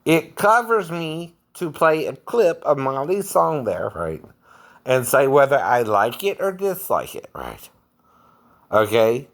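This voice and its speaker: A man's voice: medium pitch, big pitch swings, slow pace. A man who works as an impersonator talks casually to his viewers, keeps adding "right?" and chuckles often. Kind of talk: casual vlog monologue.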